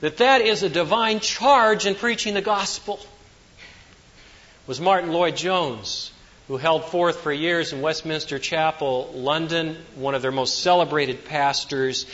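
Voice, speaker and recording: A man preaching a sermon as pastor, swinging between loud emphatic declarations and hushed asides. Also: fairly high pitch, slow. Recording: dull lo-fi sound with long hall reverb.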